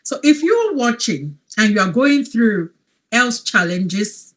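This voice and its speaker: Sex: woman. Role: wellness coach host. Style: testimonial chat. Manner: earnest, emphatic, lively rising and falling pitch. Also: slow pace. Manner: earnest, emphatic, repeats points. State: emotional, near tears.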